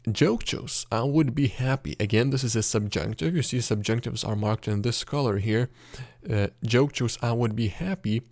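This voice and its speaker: A man with a Lithuanian accent teaching a language lesson, explaining grammar patiently with many fillers and throat clearing. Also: medium pitch, moderate pace, few pauses, a little mellow, dry recording, clean studio sound.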